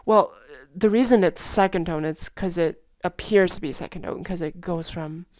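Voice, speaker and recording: A woman giving a casual explanatory lesson, demonstrating pitch with sung "da" syllables and quickly repeated words, chatty with frequent "like" fillers. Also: no room sound, lo-fi sound. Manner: chatty, with many "like" fillers and soft asides. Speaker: language teacher.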